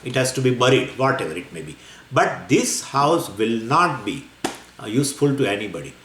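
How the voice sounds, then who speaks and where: Guy teaching scripture, pitch jumping all over, lots of uh and you know, roomy echo and a faint hum behind. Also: normal speed. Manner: lively, wandering explanation with frequent fillers and laughs. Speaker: spiritual teacher. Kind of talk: scripture lecture. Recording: echoey room with faint ambience.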